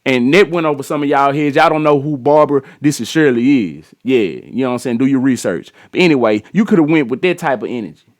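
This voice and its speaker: A man's voice: medium pitch, lively intonation, fast talker, hardly any pauses. A man giving casual reaction commentary on a news clip, blunt, slangy and profane, scolding the people involved and restarting his phrases as he goes.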